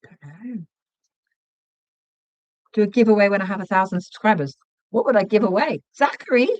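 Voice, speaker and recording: Woman host, casual craft-stream chatter, easily distracted, counts aloud; mid pitch, muffled dry recording. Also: fairly quick, long pauses, no echo. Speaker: livestream host. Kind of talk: casual livestream chat while crocheting.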